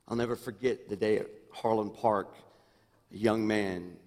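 A middle-aged man preaching a sermon as senior pastor, swinging from hushed, intimate asides to loud, rising exclamations. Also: fairly low pitch, steady tone, unhurried. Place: church sanctuary. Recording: long reverb in a church hall.

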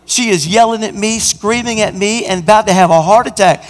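Male pastor mid-sermon, animated delivery, higher-pitched, recorded in a reverberant hall. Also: fairly quick. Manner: animated preaching, acts out an anecdote. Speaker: senior pastor. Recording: church hall with long reverb.

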